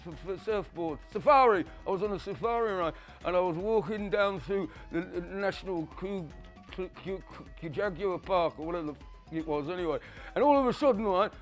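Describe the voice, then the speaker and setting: A comedian doing an impression of a rambling, stammering older rock singer who swears and bursts out loud. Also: male voice, sits high, lightly acted. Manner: stuttering, swearing, loud outbursts. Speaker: stand-up comedian. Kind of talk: stand-up impression.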